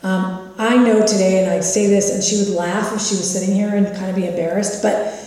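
Woman, 50s, from California, recovery meeting speaker, candid storytelling, mellow tone, long hall reverb. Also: medium pitch, fairly even intonation, a little fast. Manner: candid, self-mocking, conversational storytelling. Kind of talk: personal recovery share. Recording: echoey hall from far off.

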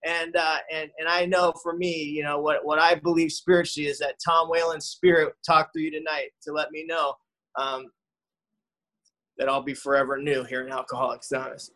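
A middle-aged man sharing his recovery story from his living room, earnest and heartfelt, halting with many fillers and restarts. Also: a little high, flat delivery, bright, forceful tone, poor audio. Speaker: speaker at a recovery meeting.

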